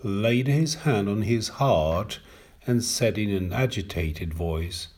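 Husky man narrating a story slowly, lots of rise and fall in his voice. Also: on the low side. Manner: expressive, measured reading. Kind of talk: audiobook story reading.

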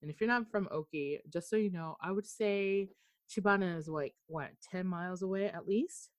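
A woman's voice: lowish voice, moderate pace, dry recording. A young woman from Okinawa telling a story on a video call, swearing freely and acting out what she said. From Okinawa, Japan. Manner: animated, swears freely, quotes herself. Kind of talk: casual storytelling. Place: home in Texas during a storm.

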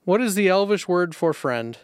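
A man's voice: high-pitched, lively intonation, moderate pace, smooth, no room sound. A young man co-hosting a podcast, reading trivia questions in a dry, teasing manner. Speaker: podcast co-host, quizmaster. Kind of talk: casual podcast banter.

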